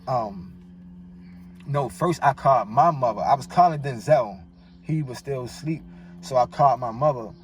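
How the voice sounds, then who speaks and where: At a moderate pace and medium pitch, a guest from Baltimore recounts something personal in his hometown accent, rambling with slang and emotion. It's a casual chat recorded through a distant mic with some faint noise.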